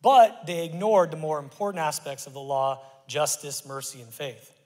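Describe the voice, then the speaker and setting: A middle-aged man preaches from the pulpit in a casual, animated way, swinging from quiet asides to sudden loud bursts. His voice sits a bit high for a man. The sound rings with the long reverb of a large church hall. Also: moderate pace. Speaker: pastor. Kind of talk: sermon. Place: church sanctuary.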